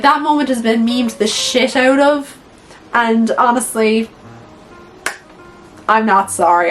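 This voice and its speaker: A young woman chatting casually in her video, animated and blunt, swearing freely and saying "like" a lot. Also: fairly high pitch, low-quality recording. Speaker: YouTuber. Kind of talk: casual movie-ranking chat.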